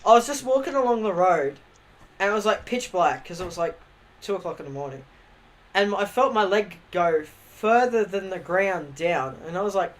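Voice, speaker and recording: A man's voice: sits high, normal speed, fairly bright tone. Rambling young Australian guy telling stories. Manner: rambling, swears a lot, laughs at his own stories. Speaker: livestreamer. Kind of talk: casual storytelling on a livestream.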